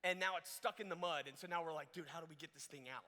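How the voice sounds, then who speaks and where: A young man telling a funny story in a youth camp sermon, animated and jokey, acting out what people said. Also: on the high side, fast talker. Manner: animated, jokey, acts out quotes in different voices. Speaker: camp speaker. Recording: echoey hall reverb.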